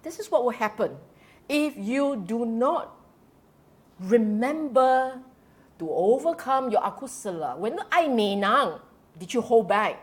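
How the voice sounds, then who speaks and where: A woman's voice: fairly high pitch, slow pace. A woman with a Singaporean English accent giving a Buddhist Dhamma talk to a congregation, quizzing the audience and dropping in colloquial particles. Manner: animated, keeps quizzing the audience; drops in colloquial particles and laughs.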